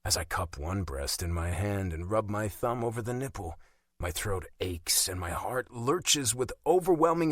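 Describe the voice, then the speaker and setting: A man narrating a romance audiobook in first person, intimate and steady. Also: lowish voice, no echo, clean studio sound.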